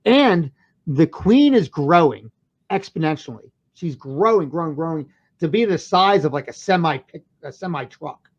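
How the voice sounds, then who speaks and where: A podcast co-host rambles through a casual movie review, swearing freely and restarting sentences. The voice is very lively and swoops up and down in pitch. The audio sounds dull and lo-fi. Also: moderate pace.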